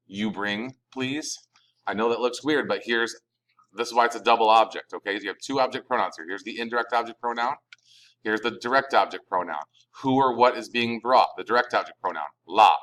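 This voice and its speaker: Male Spanish teacher, lowish voice, loose explanatory lecture with many "uh"s. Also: a bit bright, rough recording. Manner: informal explaining with fillers and self-corrections. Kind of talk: recorded class lecture.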